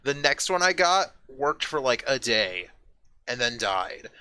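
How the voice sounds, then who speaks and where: Bright-voiced rambling profane streamer man. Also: medium pitch, clean tone, no echo. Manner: rambling, profane, quick to excited outbursts. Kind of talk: casual chat. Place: at home with a roommate nearby.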